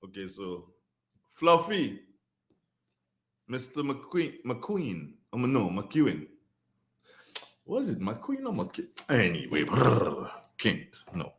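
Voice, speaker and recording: A man's voice: mid-range voice, wildly swooping pitch, slow pace, long pauses, fairly bright tone. A man with a Grenadian accent hosting a radio talk show, commenting earnestly and repeating phrases for emphasis. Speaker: radio host.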